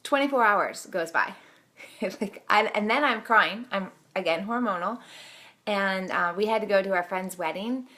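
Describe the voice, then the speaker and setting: A woman's voice: mid-range voice, normal speed, sharp tone. A woman in her thirties, a mom vlogger, chatting candidly and telling family stories with a self-deprecating streak. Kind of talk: casual storytelling to camera.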